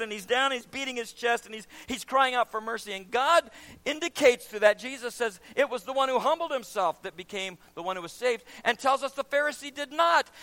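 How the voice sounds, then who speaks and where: A pastor delivers a sermon in a strikingly high, bright man's voice. He drops to near-hushed asides, then rises to loud, shouted emphasis. His preaching has a dramatic, sweeping delivery. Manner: dramatic swings from quiet to shouting.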